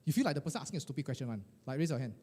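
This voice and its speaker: A middle-aged man, coaching a live group of financial advisors in a lively, colloquial way, firing questions at the room. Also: mid-range voice, rapid-fire, breathy edge. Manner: animated, questioning the audience, colloquial with "lah" and "eh". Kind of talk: motivational workshop talk to a live group.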